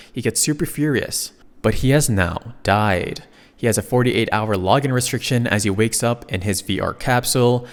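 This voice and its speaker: A man's voice: on the low side, in a large hall. Man recapping a comic with joking asides. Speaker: recap narrator. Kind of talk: comic story recap narration.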